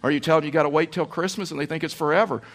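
A pastor preaching a sermon in a folksy, storytelling way. His man's voice sits a little high. He drives his points home by repeating phrases. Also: fairly even intonation, rapid-fire.

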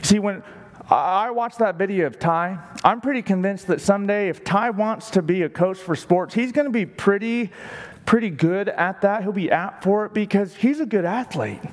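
A man's voice: sits high, moderate pace. A man preaching a sermon as pastor, emphatic and stretching words for stress. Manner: emphatic, varies his pace for stress. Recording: long hall reverb.

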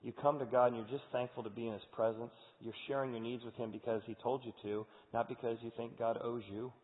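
A man's voice: medium pitch, little pitch movement, quick pace. A male pastor delivers a sermon in an earnest, conversational manner. His voice rings with long hall reverb and sounds thin, like over a phone line.

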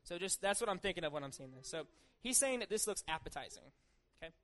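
A man's voice: sits high, expressive, fast, pushed and bright. Casual young man retelling a parable. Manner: informal and chatty, acting out the story in everyday voices. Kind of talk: casual sermon with scripture reading.

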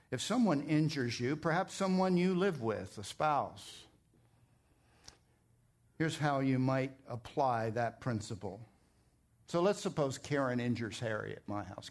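A middle-aged man preaching a sermon as pastor, emphatic and climbing higher when he presses a point. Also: darkish tone.

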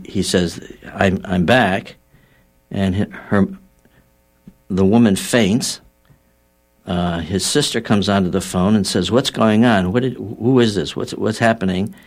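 Deep-voiced man telling a story. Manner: storytelling with acted-out quotes and frequent fillers; measured and explanatory. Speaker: guest healer. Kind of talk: explaining a healing theory on a talk show.

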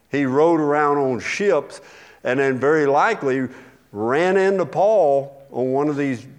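Folksy preaching man in his sixties. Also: fairly high pitch. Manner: folksy storytelling, conversational preaching. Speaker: pastor. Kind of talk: sermon.

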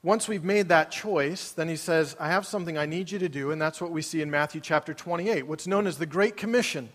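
Man, pastor, conversational sermon, high voice, large church hall, long reverb. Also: brisk. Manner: conversational, asks the congregation questions.

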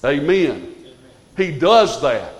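A man's voice: a little high, very animated, extremely slow, in a large hall, low-quality recording. A man preaching a sermon to a congregation, earnest and rising to fervent exhortation. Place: church.

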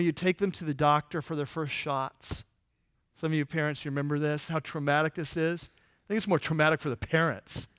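A male pastor preaching a conversational sermon, asking the congregation rhetorical questions and dropping to a soft, low voice in tender moments. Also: dry recording, clean studio sound.

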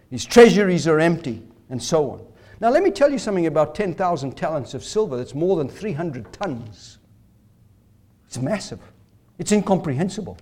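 A man's voice: sits high, darkish tone. A man preaching an expository sermon, dramatically acting out the words of biblical figures as he goes. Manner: dramatic, quotes biblical figures in shifting voices.

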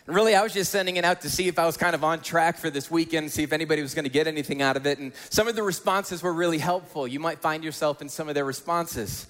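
A high-voiced male pastor preaches to a congregation in a large church auditorium, telling stories in a chatty, animated way. His voice rings out with a long echo through the hall. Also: quick pace, hardly any pauses. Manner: conversational storytelling, animated. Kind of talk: sermon. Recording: echoey hall.

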